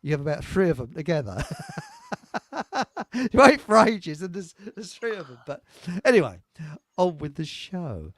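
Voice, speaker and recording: A man's voice: on the high side, sing-song, normal speed, no room sound. A middle-aged man, hosting a live online show in a rambling, jokey chat and laughing at his own jokes. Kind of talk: casual chat.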